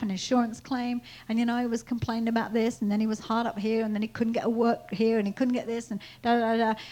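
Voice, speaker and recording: A woman preaching a sermon, repeating phrases and swinging from quiet teaching to loud proclaiming. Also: a little high, rough recording.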